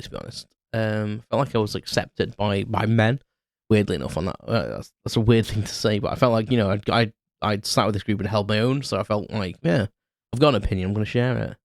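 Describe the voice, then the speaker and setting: A British man in his thirties hosts a podcast, telling an unscripted story in a rambling way, full of restarts and fillers. His voice sits on the low side, and the close podcast mic gives a studio-quality sound with no room noise.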